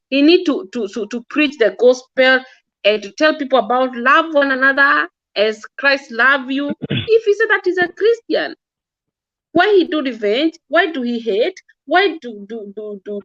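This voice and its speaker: A woman's voice: high voice, a bit bright, no room sound, lo-fi sound. A woman giving impassioned religious-political commentary, earnest and scolding, often repeating and stumbling over words. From Kenya.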